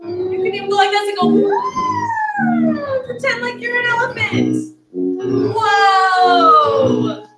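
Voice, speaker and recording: A woman's voice: very high-pitched, huge pitch swings, fast talker. A woman teacher leading children through stretches and animal movements, upbeat and full of praise. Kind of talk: guiding kids through stretches and animal moves. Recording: echoey room with music behind.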